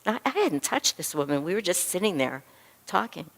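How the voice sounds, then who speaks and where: Lively storytelling woman, lower voice. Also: moderate pace, gravelly. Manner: animated storyteller who acts out dialogue. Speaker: physician and spiritual teacher. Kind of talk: storytelling lecture to a class.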